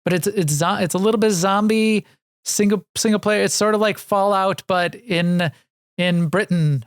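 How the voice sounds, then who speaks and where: Gravelly-voiced man hosting a podcast. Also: sits high, normal speed, no echo, studio quality. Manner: rambling, self-deprecating, many restarts and "right"s. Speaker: podcast co-host. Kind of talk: casual chat about video games.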